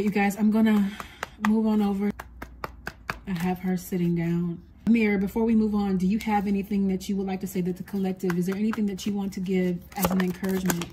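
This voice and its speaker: A woman psychic medium giving a spoken reading to her viewers, talking softly and earnestly as she relays what a spirit tells her. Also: medium pitch, a little hiss or hum.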